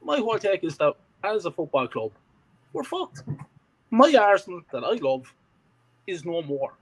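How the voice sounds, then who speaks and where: A man vents his frustration in casual chat, emotional and swearing. His voice is fairly high and very animated in pitch. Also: moderate pace, poor audio. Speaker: fan podcast co-host.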